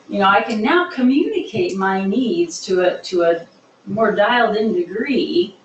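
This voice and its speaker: A woman's voice: medium pitch, lively intonation, normal speed, slight background noise. A woman leading a classroom discussion, explaining earnestly with everyday examples. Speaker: instructor on trauma-informed teaching. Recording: echoey room, voice from far off.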